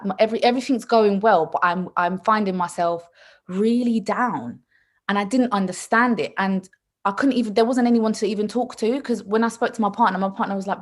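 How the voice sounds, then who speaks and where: A young woman chatting casually on a podcast, telling stories animatedly and acting out what others said. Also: mid-range voice. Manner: animated storytelling, laughs often, acts out quotes. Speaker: podcast co-host. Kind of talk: casual chat.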